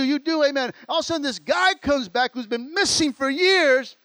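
A man, preaching a sermon in a high-pitched voice. He repeats phrases and calls out to the congregation. The sound is dry and close, with no room echo. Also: moderate pace, few pauses, fairly bright tone. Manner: preaching with call-outs and repetition. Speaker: pastor.

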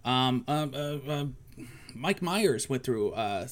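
A man's voice: medium pitch, lively intonation, takes it slowly. A man in his forties co-hosting a casual chat, rambling through a story with plenty of fillers and restarts. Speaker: podcast co-host.

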